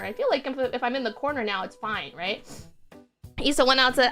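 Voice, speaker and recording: Young woman streamer, bright and lively, chatty and self-mocking, soft music bed. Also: fairly high pitch, brisk. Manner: giggly, rambling, self-deprecating. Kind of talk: casual stream chat. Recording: faint music behind.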